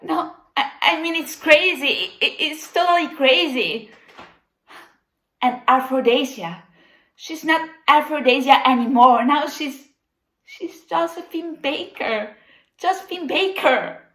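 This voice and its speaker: A woman's voice: high-pitched, takes it slowly, a bit bright, reverberant, poor audio. A woman playing a frantic melodramatic young organizer. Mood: distraught. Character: distraught young woman organizer, overly dramatic. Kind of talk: comedic video-call sketch. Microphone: video call.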